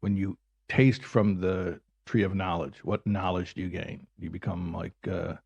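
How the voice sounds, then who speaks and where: A man with a low, slightly husky voice explaining ideas in a reflective talk. He builds each point step by step and returns to his key words for emphasis. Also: fairly even intonation, measured pace, darkish tone, highs cut off. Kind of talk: reflective conversation.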